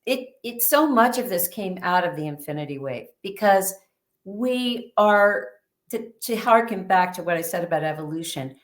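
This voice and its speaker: An interview guest, a woman who is a little under the weather, tells a story with lively energy. Her voice sits at an ordinary middle pitch. She paints scenes vividly as she talks. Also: normal speed.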